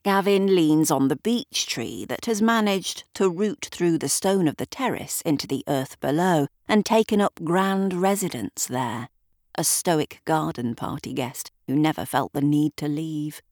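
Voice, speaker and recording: A woman reading a story aloud in a measured, wry storybook narration. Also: low-pitched, a little mellow, dry recording, clean studio sound. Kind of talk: scripted narration.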